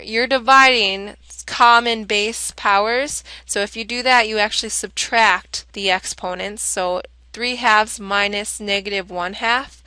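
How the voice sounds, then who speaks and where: A woman's voice: mid-range voice, bright, forceful tone, clear, resonant tone, dry recording. A woman teaching a calculus lesson, explaining each step in a casual, chatty way and correcting herself as she goes. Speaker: math teacher. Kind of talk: whiteboard lesson walkthrough.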